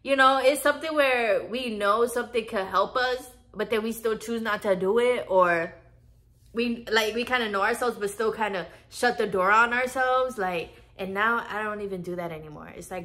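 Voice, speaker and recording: A young woman talking casually to her viewers in a spiritual vlog. She is animated and swears often, and she laughs a lot. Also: medium pitch, normal speed. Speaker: vlogger.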